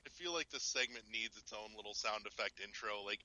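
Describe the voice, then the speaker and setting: A man's voice: lowish voice, fairly quick, pushed and bright, low-quality recording. A man co-hosting a gaming podcast, making dry wisecracks and swearing casually. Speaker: podcast co-host.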